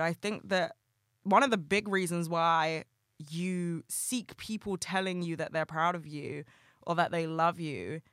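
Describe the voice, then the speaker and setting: On their own podcast, a young adult host speaks in a medium pitch, heartfelt and casual, swearing and saying "like" a lot while rambling and breaking into bursts of excitement. The sound is clean studio audio without room sound.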